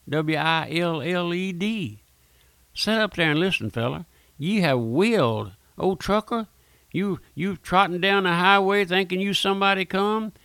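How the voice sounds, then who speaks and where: Brief: male radio preacher, gravelly and fairly high-pitched, pleading and direct, dry close sound. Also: a bit bright, no room sound. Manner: pleading, repeats "my friend", addresses listeners directly. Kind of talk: fervent radio sermon. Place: radio studio.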